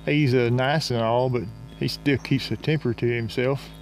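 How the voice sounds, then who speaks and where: A man narrating a comic story in folksy rural slang, drawling and unhurried. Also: mid-range voice, steady tone, a little hiss or hum.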